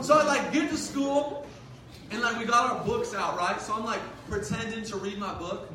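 Animated young man preaching in an echoey hall. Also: very high-pitched, normal speed, slight background noise. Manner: animated, comic storytelling with lots of "like". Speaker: youth pastor. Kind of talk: sermon with storytelling. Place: large hall. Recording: echoey hall, mic at a distance.

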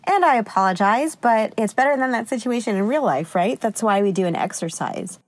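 A woman's voice: medium pitch, expressive, a little fast, no echo. A woman hosting a solo podcast as a confidence coach, chatty and upbeat, laughing often and sometimes a little short of breath. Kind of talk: solo podcast advice talk.

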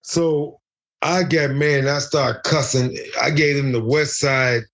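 A man's voice: mid-range voice, fairly even intonation, a little slow, fairly bright tone. A man telling a fight story as an interview guest over a video call, profane and joking, acting out other people's lines. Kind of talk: animated storytelling.

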